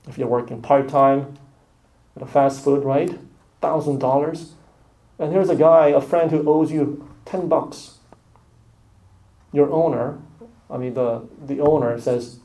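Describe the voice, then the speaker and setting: A man's voice: on the high side, fairly even intonation, unhurried, vocal fry, pauses often, mellow, rough recording. A man preaching a sermon, earnest, building emphasis with short repeated phrases. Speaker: pastor.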